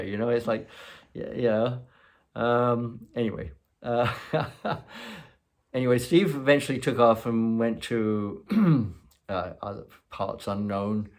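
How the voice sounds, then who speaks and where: A man's voice: medium pitch, slow, pauses often. Rambling man telling a story. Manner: rambling, chuckling, full of "you know". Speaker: host. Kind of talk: casual storytelling.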